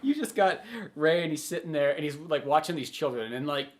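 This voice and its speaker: A man's voice: fairly high pitch, fairly quick. A man co-hosting a casual film podcast, rambling with lots of "like" fillers and frequent laughs. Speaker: podcast co-host. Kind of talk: casual chat about films.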